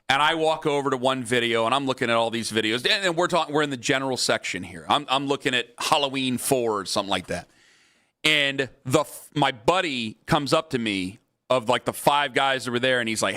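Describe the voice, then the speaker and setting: A man's voice: medium pitch, expressive, fairly quick, bright, forceful tone. A man hosting sports talk radio, animatedly telling a funny story and acting out the other people in it.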